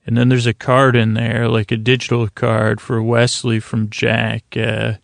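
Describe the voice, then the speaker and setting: Drowsy, creaky-voiced man recapping an episode. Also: medium pitch, monotone, dry recording. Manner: meandering, hesitant, many fillers and restarts; mild, drowsy, unhurried delivery. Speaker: podcast host. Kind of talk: low-key sleep podcast episode recap.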